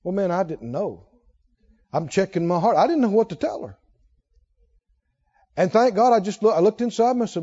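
A man preaching a sermon, telling a personal story that swings between hushed asides and emphatic points. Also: high-pitched, expressive, moderate pace, long pauses. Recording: dull lo-fi sound.

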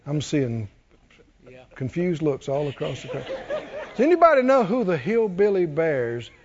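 A man preaching a sermon, animated and joking with the congregation. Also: on the high side, measured pace, highs cut off. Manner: animated preaching, jokes with congregation, does cartoon voices. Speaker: pastor.

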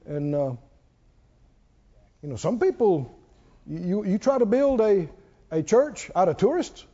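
Pastor guy preaching, high animated voice, kinda dull lo-fi recording. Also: a little slow. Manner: animated storytelling, leads call-and-response prayer. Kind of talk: sermon.

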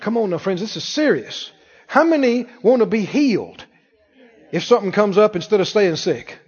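This high-pitched pastor sounds husky and sing-song, preaching forcefully at normal speed. He poses rhetorical questions and calls the congregation to repeat after him, his voice trailing a long reverb in a large hall on a dull, muffled recording lacking highs.

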